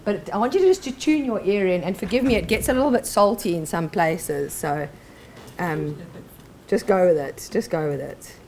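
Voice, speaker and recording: A woman presenting to an audience, telling stories in a lively way and acting out scenes. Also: fairly low pitch, moderate pace, a little hiss or hum. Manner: storytelling, lively, acting out anecdotes. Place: lecture hall.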